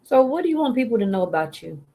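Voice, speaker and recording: A woman's voice: fairly high pitch, sing-song, fast, mellow. A woman hosting a casual interview, giving brief encouraging responses. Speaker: host.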